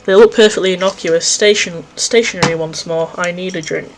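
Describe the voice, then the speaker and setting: A man's voice: high-pitched, steady tone, fairly quick, background noise. A man hosting a let's play from home, reading a visual novel aloud and cutting in with jumpy, self-mocking asides. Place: home recording setup.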